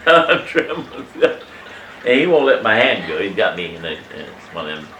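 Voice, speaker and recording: A man in his eighties telling a family story from his childhood in a casual, animated way, emphatic and salty, chuckling as he goes. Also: low-pitched, normal speed, a little hiss or hum. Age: 80s. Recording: echoey room, mic at a distance.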